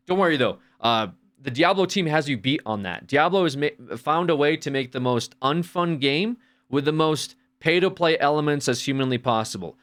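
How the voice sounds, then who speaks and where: A man's voice: on the high side, moderate pace, a bit bright. A man streaming and reacting to videos, ranting casually in a sarcastic, profane, rambling way.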